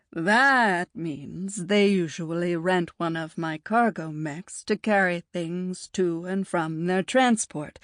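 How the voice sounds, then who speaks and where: A woman voicing a sly, joking old male mech trader in an audiobook, drawling slowly. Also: lowish voice, dry recording, studio quality.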